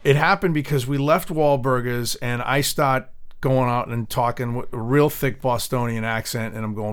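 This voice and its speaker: A man chatting on a podcast, mid-pitched and unhurried, wandering through a story with plenty of ums and uhs. He swears freely and keeps circling back to his point. The delivery is loose and conversational. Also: steady tone, clear, resonant tone. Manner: profane, rambling storyteller with many fillers. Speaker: podcast guest, runs his own music podcast. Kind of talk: casual podcast chat.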